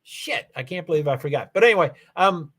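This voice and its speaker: A man talking casually into his computer mic on a live stream, his voice sitting a little higher than most men's. He rambles and corrects himself as he goes, with plenty of ums and asides. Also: animated, fairly quick, fairly bright tone, husky. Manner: rambling, self-correcting, chatty with frequent fillers. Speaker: live streamer reading chat. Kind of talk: casual livestream chat.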